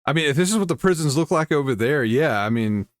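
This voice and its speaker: A man's voice: a little high, expressive, fast talker, no echo. A man hosting a casual commentary video, reading news aloud and adding wry asides with frequent chuckles. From United States.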